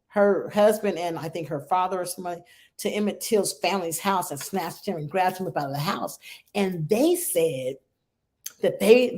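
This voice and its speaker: A woman's voice: on the low side, darkish tone. A middle-aged woman hosting a support group for grieving mothers, telling a story in an earnest, emotional way and often checking in with "right?" and "okay?".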